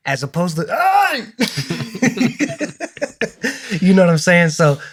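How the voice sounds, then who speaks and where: Male co-host, relaxed storyteller, slightly high voice, dry close mic. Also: fast talker, dry recording. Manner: storytelling, easygoing, laughs often. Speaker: podcast co-host. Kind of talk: casual chat.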